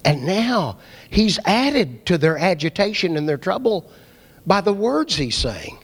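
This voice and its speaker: High-voiced preacher in a reverberant hall. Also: male voice, big pitch swings, a little slow, breathy edge. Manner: dramatic, swings between loud emphasis and hushed low asides. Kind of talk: sermon.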